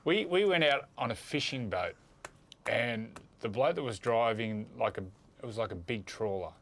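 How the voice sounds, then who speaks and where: A man with an Australian accent, co-hosting a rugby league show and telling animated stories with laughter. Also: mid-range voice, moderate pace, slight background noise. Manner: laughs through animated anecdotes. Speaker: co-host. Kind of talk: casual storytelling.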